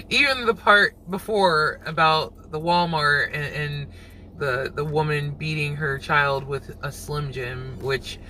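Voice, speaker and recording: A man hosting his own reaction channel, musing aloud in casual commentary and quick to laugh. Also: a little high, bright, forceful tone, a little hiss or hum, rough recording.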